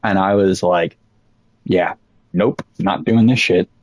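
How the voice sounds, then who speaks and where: A young man casually telling a rambling, profane story about old jobs, animated as he quotes people. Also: deep voice, takes it slowly, no echo, rough recording.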